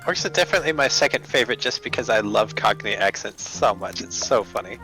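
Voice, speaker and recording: A man gaming with a friend in casual chat, his voice bright and sharp, swinging widely in pitch. He keeps tossing in short, amused quips. Faint music runs in the background. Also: expressive, fast, low-quality recording. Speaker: co-player.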